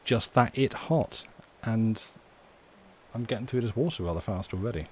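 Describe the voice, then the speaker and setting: Guy hosting a chill reading stream from home, soft and chatty, kinda rambly. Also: on the low side, moderate pace, a little hiss or hum. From United Kingdom. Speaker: livestream host. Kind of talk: casual livestream chat and poem reading. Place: home room.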